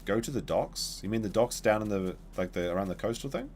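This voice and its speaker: A man streams a dinosaur game, chatting and rambling casually to viewers as he plays. His lowish voice is animated and a little mellow, his pace a little fast, with a bit of hiss or hum behind it.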